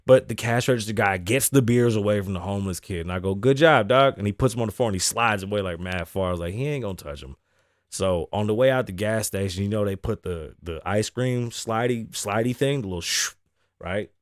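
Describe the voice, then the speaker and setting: A man's voice: on the low side, fairly quick, no echo, studio quality. A man hosting his show, telling a casual, profane story time with lots of laughing. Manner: laughs often between lines. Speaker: host.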